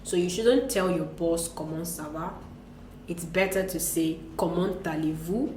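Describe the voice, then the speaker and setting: Lower-voiced woman teaching French in an echoey room. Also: a little mellow, slight background noise. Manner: patient, explains slowly with French phrases and laughs. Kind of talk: casual language lesson. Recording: echoey room with faint ambience.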